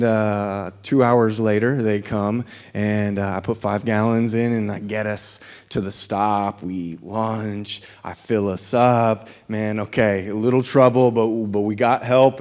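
A man's voice: fairly low pitch, darkish tone. A man born in Southern California, preaching as a pastor and telling a story, acting out the dialogue with lots of energy. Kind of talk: sermon storytelling.

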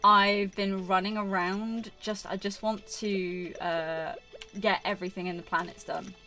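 A woman's voice: medium pitch, steady tone, measured pace, pushed and bright, soft background music. A woman chatting casually while playing a farming game for her channel, rambling and scolding herself with many fillers. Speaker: gaming YouTuber. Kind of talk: casual gameplay commentary.

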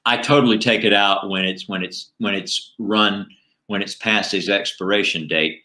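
Brief: middle-aged male comedian guest, low voice with a bright edge, animated stories. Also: normal speed. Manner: animated anecdotes with jokes. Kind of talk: casual storytelling interview.

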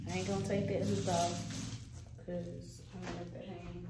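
Casting: an aggravated woman vlogger with a low voice, recorded from a distance with noise in the background. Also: level tone, moderate pace, vocal fry. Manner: chatty, talks straight to viewers, swears casually. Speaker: nail technician vlogger. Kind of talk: casual vlog chat. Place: small nail salon room, indoors. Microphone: camera set down at a distance, no tripod. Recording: echoey room, distant mic, background noise.

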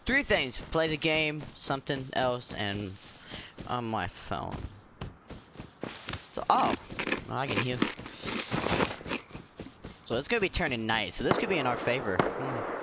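Excitable gamer guy, wildly swinging voice. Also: medium pitch, a little slow, long pauses, very noisy. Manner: excitable, bursts into loud yelling and laughter. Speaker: gaming video creator. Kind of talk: casual gameplay commentary.

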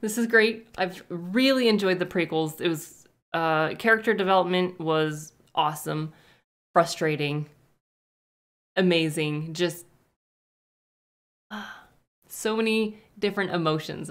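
A woman's voice: on the low side, fairly bright tone. Gushing young woman reacting to a film. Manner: gushing, rambling, enthusiastic. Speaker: movie reaction host. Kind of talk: casual reaction chat and trivia reading.

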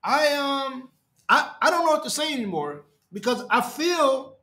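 A man hosting a fan podcast, ranting on a live stream in a distraught, halting way, repeating himself and trailing off low. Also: sing-song, bright, forceful tone. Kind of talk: emotional live-stream rant. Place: his apartment.

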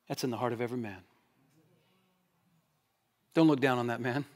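A man preaching a sermon as pastor. He asks the congregation rhetorical questions, drives points hard, then drops to a hushed, quiet delivery. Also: mid-range voice, moderate pace. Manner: animated preaching, rhetorical questions, swings between loud emphasis and hushed quiet. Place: church sanctuary.

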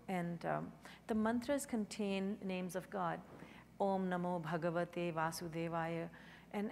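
A woman speaking on a panel, telling gentle stories with soft chuckles. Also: mid-range voice, gravelly. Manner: gentle storytelling, chuckles softly. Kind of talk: panel discussion. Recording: hall reverb, faint noise.

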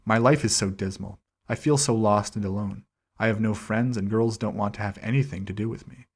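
A man reads a journal aloud in the first person at an even, measured pace, and he slows down on each date. His voice sits fairly low and has a husky, breathy grain. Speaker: channel host reading a document aloud.

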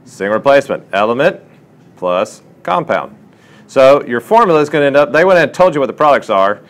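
Brisk and mid-range in pitch, a man leads a chemistry class through problems, asking the students questions as he goes. It's a classroom lesson delivered in a lively, questioning teacher's voice.

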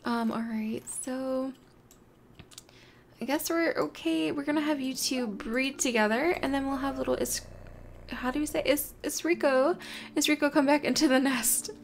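High, gravelly-voiced young woman gamer. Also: normal speed, slight background noise. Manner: chatty, talks to her game creatures, easily flustered. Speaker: gaming channel host. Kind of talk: casual let's-play commentary. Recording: soft music behind.

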